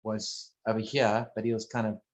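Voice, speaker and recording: A man talking casually one on one, rambling and halting, restarting his sentences and swearing bluntly now and then. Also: on the low side, flat delivery.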